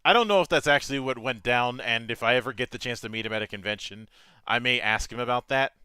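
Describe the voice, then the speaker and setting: A man's voice: mid-range voice, fast talker, bright, forceful tone, clear, resonant tone, no echo. A man in a casual podcast chat, making digressive asides with many restarts.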